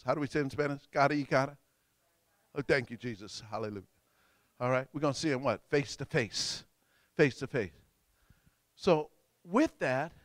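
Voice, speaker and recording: High-voiced preacher guy, swings all over, shouts then drops quiet, keeps asking the crowd to repeat. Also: dry recording, clean studio sound. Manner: shouting bursts, congregation prompts. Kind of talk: lively call-and-response sermon.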